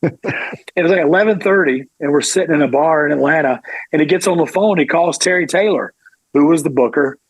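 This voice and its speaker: Husky-voiced man telling a story. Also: fairly high pitch, brisk, dry recording, rough recording. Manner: animated, acts out quoted voices. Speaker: former pro wrestler guest. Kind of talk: storytelling interview.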